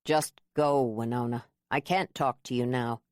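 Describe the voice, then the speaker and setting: A woman voicing a hurt, withdrawn young man who speaks curtly and softly. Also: very deep voice, steady tone, a little slow, dry recording, studio quality, voice pushed down. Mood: brooding. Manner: curt, subdued.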